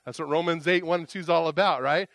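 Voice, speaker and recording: Male pastor, sermon delivery, emotional and earnest, swings from loud exclaiming to quiet confession, slightly high voice, dry close sound. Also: fairly even intonation, quick pace, no echo.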